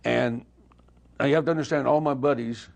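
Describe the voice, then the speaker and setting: An older man telling anecdotes in a casual interview, lively and acting out the dialogue he remembers. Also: medium pitch, moderate pace, creaky. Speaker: interview guest, former touring guitarist.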